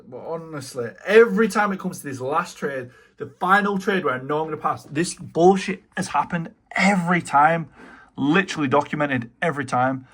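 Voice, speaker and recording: Profane young British trader talking slang. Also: male voice, a little high, animated, normal speed, fairly bright tone. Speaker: day trader. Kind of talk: live trading commentary.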